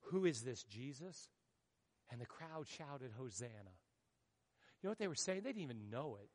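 A male pastor preaching a sermon, swinging from hushed storytelling to loud, dramatic outbursts. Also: mid-range voice, very animated, moderate pace, in a large hall.

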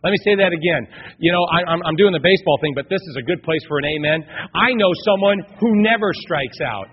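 A male pastor preaching an energetic sermon to his congregation in a church, building to emphatic peaks. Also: fairly high pitch, brisk, slightly rough, big-room sound. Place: church sanctuary. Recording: dull lo-fi recording.

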